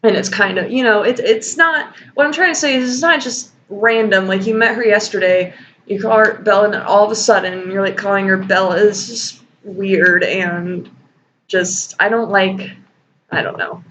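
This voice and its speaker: A woman's voice: medium pitch, moderate pace, fairly bright tone. A woman hosting a sarcastic fanfiction reading and critique. She swears freely and laughs often. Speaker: host. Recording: dull lo-fi home recording with faint noise.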